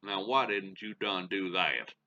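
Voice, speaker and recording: A man's voice: deep voice, measured pace, sharp tone, muffled recording. A middle-aged man hosting a gaming channel, calling a baseball sim game play-by-play and muttering to himself with folksy exclamations.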